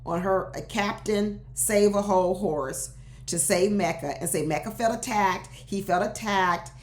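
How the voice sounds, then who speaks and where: Lively woman recapping reality TV. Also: medium pitch, unhurried, reverberant. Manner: animated, laughing, talks straight to cast members. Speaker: reality show recap host. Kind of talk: casual commentary.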